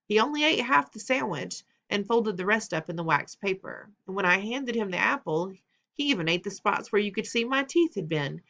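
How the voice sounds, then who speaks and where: A woman's voice: mid-range voice, lively intonation, normal speed, vocal fry, bright, forceful tone. Woman reading a children's novel aloud. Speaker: audiobook narrator.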